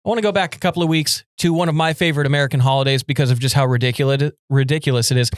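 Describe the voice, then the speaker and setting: A man's voice: medium pitch, fairly even intonation, rapid-fire, no room sound, studio quality. A young man co-hosting a podcast in casual chat, playful and laughing often, with a mock-indignant edge. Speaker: podcast co-host.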